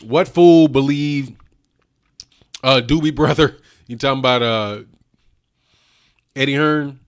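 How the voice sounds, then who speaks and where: A man's voice: medium pitch, slow, smooth. A man hosting a boxing livestream, chatting casually with his viewers in slang, laughing often and calling people "dog" and "man". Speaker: boxing channel host. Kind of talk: casual livestream chat reading super chats.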